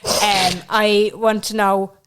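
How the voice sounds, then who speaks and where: A woman's voice: mid-range voice, level tone, slow, background noise. An Irish woman co-hosting a podcast, chatting casually in a wry way and swearing freely. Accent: Irish, Dublin with a slight northern lilt. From Ireland. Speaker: podcast co-host. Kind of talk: casual chat.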